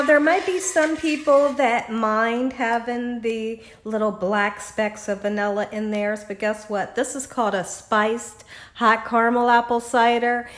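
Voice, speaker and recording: A woman's voice: a little high, echoey room. A woman hosting a home cooking video, chatting with viewers as she tastes and pours, laughing often. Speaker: cooking channel host. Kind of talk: casual cooking demonstration. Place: home kitchen.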